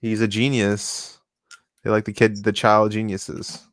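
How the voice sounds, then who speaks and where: A man co-hosting a relaxed discussion stream, pausing often to find his words. His low voice stays level and even. It sounds smooth and close, with no room sound. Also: dry recording. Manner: halting, searching for words mid-sentence. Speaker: co-host reading the series.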